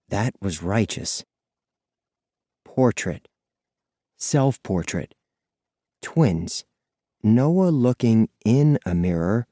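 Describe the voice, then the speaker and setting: A man narrating an audiobook in the first person, expressive and lively in his storytelling. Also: lowish voice, no echo, studio quality.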